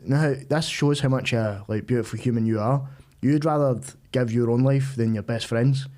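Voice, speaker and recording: A man's voice: medium pitch, normal speed, mellow. A man, a comedian guest in casual chat, blunt and sweary, calling the other man mate.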